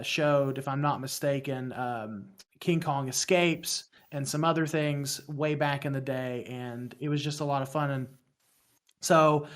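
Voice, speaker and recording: A man's voice: mid-range voice, fairly bright tone. A man in his thirties from West Virginia with a West Virginian accent, a podcast guest chatting casually, rambling and self-deprecating with frequent restarts. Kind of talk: casual interview chat.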